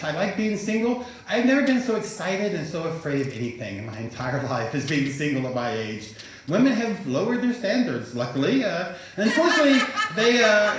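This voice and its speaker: Older man hosting live stand-up. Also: high voice. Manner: self-mocking, chatty with the audience. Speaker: comedy show host. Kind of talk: stand-up comedy. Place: live comedy venue with audience. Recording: echoey venue, dull sound.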